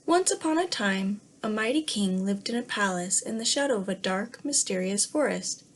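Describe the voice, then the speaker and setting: A woman teacher reads a children's story aloud in a gentle voice and stops now and then to ask the class questions. Her voice is husky and breathy, at a middle pitch. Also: lively intonation, normal speed. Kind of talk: read-aloud lesson for young children.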